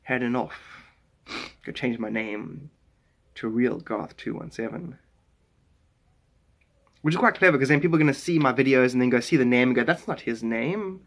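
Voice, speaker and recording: A man's voice: mid-range voice, moderate pace, pauses often. A man from South Africa with a South African accent, chatting casually on a live stream, greeting viewers by name and musing aloud in a rambling way.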